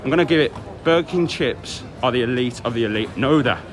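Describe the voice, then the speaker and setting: A man's voice: mid-range voice, fairly quick, background noise. A young man, talking in a chatty, rambling and sweary way in a casual travel vlog. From England. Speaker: vlogger.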